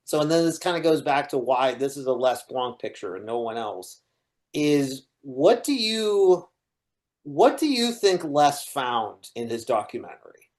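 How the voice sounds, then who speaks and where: A man co-hosting a casual film-discussion podcast, measured and reflective, steering the conversation with questions. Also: mid-range voice, big pitch swings, darkish tone. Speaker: podcast co-host.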